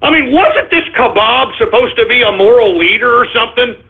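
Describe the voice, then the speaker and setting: Male radio host, high voice, caustic ranting delivery, phone-quality audio. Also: expressive, a little fast, creaky. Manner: abrasive, insulting, sarcastic. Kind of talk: live internet radio shout-outs and rant. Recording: tinny phone-like sound.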